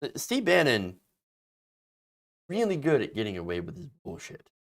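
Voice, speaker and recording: A man's voice: medium pitch, huge pitch swings, normal speed. A man hosting an online political commentary show, talking in a sarcastic, mocking way with casual profanity.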